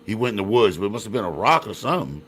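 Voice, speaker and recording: A man's voice: fairly low pitch, very animated, rapid-fire, fairly bright tone, husky. A man hosting a casual interview, asking blunt questions and reacting with casual swearing. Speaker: host.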